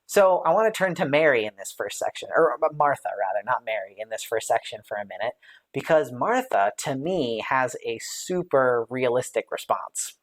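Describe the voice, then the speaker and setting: The voice is medium-pitched and expressive, at a moderate pace. It belongs to a Bible study leader on a live stream who thinks aloud, filling in with light laughs and fillers, and reads and replies to viewer comments as they come.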